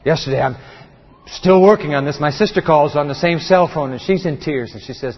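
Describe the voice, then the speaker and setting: A man's voice: on the high side, fairly quick. A middle-aged male pastor preaching an impassioned sermon, often repeating words and restarting sentences. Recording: reverberant, dull lo-fi sound.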